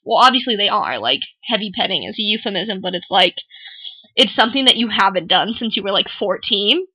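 A woman's voice: medium pitch, expressive, fairly quick, husky, muffled recording. A young woman co-hosting a podcast in frank, jokey casual chat, laughing often. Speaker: podcast co-host. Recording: poor sound quality.

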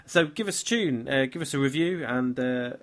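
A man's voice: mid-range voice, animated, normal speed. A tired, slightly tipsy man hosting a casual podcast, talking in a weary, grumbling, self-mocking way. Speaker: podcast host.

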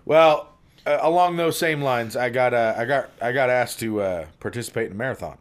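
A man's voice: medium pitch, a little fast. A man hosting a podcast in casual, joking, rambling chat. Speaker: podcast host.

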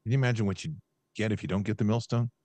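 A man's voice: on the low side, fairly even intonation, rapid-fire, mellow, no room sound. A man hosting a podcast, talking in an impassioned, emphatic rant and reading scripture aloud. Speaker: host.

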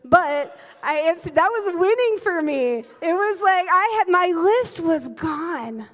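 A woman in her forties, a pastor, preaching a sermon with lively, humorous storytelling and quick laughs. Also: very high-pitched. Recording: long reverb of a large hall.

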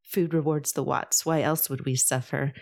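A brash, teasing, hard-drinking woman friend from a spoken storybook, full of blunt jokes and playful jabs, as a woman reader puts her on. The voice sits low for a woman. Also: steady tone, normal speed, gravelly, a little mellow. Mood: joking.

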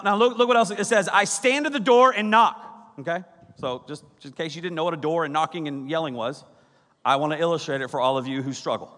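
Male pastor, 30s, high and bright, comic storyteller in the pulpit, big reverberant church hall. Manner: jokey, acts out scenes with sudden shouts. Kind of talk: animated sermon.

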